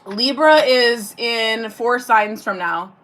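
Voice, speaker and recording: A woman with a fairly high voice gives a relaxed, talkative tarot reading on a live stream. She swears without a second thought and breaks off to thank viewers in the chat. There is a faint hiss of noise behind her. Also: takes it slowly. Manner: chatty, swears freely, answers viewer comments aloud. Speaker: tarot reader.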